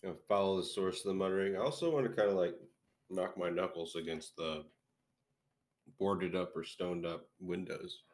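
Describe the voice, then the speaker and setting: A man playing in a tabletop game, joking in a deadpan way. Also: low voice, moderate pace. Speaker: player. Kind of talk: casual game chat.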